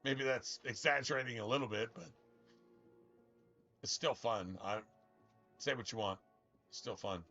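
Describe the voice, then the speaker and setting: A young man streams a video game and chats casually over the gameplay, rambling, swearing, and stumbling when he restarts. His mid-range voice sounds pushed and bright, moving at a measured pace with long pauses. The stream audio is dull and lo-fi, with faint game music underneath.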